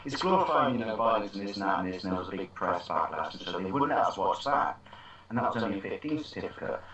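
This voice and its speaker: A man's voice: on the low side, lively intonation, fast talker, a bit bright, slight background noise. A man co-hosting a casual film chat, rambling through stories with many restarts. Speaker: podcast co-host. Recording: dull roomy home recording.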